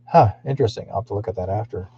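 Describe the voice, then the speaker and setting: This psychic livestream host has a lowish, dark voice with a breathy edge and talks very fast. His speech wanders, packed with fillers and restarts. The stream audio comes through dull and lo-fi.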